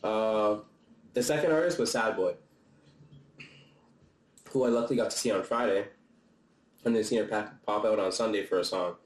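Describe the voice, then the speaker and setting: A man's voice: lowish voice, brisk, pauses often, echoey room, poor audio. A young man chatting casually and a bit breathlessly in a loose, slangy, profane vlog, laughing often. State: slightly out of breath. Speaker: vlogger reviewing a concert. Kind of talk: casual chat. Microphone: camera-mounted mic.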